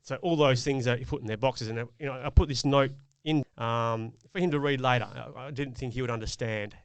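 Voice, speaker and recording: A man's voice: medium pitch, steady tone, fairly quick, clear, resonant tone, dry recording. A middle-aged man, a podcast co-host, telling a personal parenting story in an earnest, reflective way. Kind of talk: casual chat.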